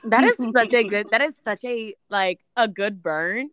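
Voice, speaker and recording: A woman's voice: mid-range voice, normal speed, background noise. A woman co-hosting a podcast who drops playful, sassy quips in casual chat. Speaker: podcast co-host.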